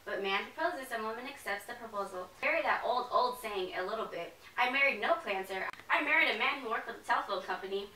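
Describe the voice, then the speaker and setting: In an amateur stage play reading, a young woman plays a fussy, chatty mother, a faded Southern belle who gushes and rambles in a genteel manner. Her voice is a little high, bright and forceful, rushing along with hardly any pauses. The mic is far off in an echoey room, with faint hiss.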